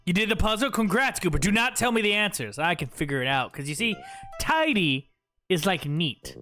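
A man's voice: high voice, sing-song, fairly quick, sharp tone, faint music behind. A man chatting playfully with his livestream chat, joking at his own expense while he plays. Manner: playful, self-mocking, talks to chat. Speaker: streamer.

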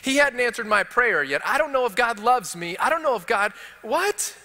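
Bright-voiced Texan pastor preaching in a reverberant hall. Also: male voice, very high-pitched, very animated, brisk. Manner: impassioned, building rhetorical questions. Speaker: teaching pastor. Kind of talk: sermon. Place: church sanctuary.

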